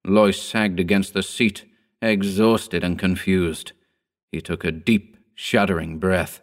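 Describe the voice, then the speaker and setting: A man narrating a horror story as an audiobook, measured and slowing for grim details. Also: low-pitched, fairly even intonation.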